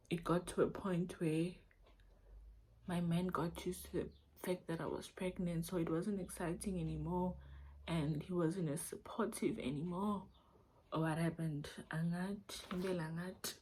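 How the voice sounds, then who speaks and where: A woman's voice: on the low side, a little mellow, husky. A young South African woman with a Zulu accent, speaking English as a second language in a confiding, emotional vlog while holding back tears. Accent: South African, Zulu-mixed English. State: near tears. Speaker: vlogger. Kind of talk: casual storytime vlog.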